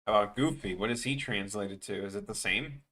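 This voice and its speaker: A man's voice: fairly low pitch, a little fast, bright, forceful tone. A man chatting casually with viewers on his animation live stream, rambling and joking, often trailing off mid-sentence.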